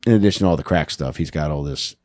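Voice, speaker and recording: A man's voice: a bass voice, rapid-fire, a little mellow, no room sound, studio quality. A man casually telling a story on a podcast, laid-back, swearing and saying "dude" a lot.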